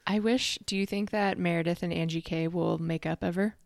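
A woman co-hosting a podcast, chatting casually in a relaxed, laid-back way about reality TV. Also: fairly low pitch, a little fast, creaky, no room sound. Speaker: podcast co-host. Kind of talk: casual recap chat.

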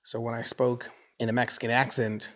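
In a casual interview, an American man in his forties tells stories in a brisk, mid-range voice. He's an animated guest who slips into the voices of people from his neighborhood, acting them out.

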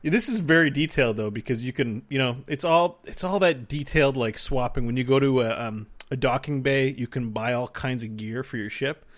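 A man's voice: mid-range voice, brisk, hardly any pauses. A man co-hosting a gaming podcast in casual chat, rambling with many fillers and casual swearing. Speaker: podcast co-host.

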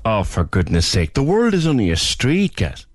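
Lively Cork radio host, dry studio. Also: male voice, fairly low pitch, moderate pace, no room sound. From Ireland. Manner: chatty, lively, laughs easily. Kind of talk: casual radio interview.

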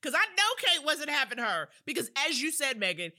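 A woman's voice: high-pitched, big pitch swings, fairly quick, pushed and bright. A woman from the US co-hosting a podcast, chatting sassily with plenty of fillers about a film. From United States. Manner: sassy, hedging, full of fillers. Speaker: podcast co-host. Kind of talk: casual chat recapping a film.

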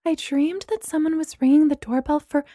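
A woman's voice: sits high, normal speed, warm tone, no room sound, studio quality, voice pushed up, natural voice. Weary, worn-out young woman, voiced by a woman narrator. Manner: weary, tired.

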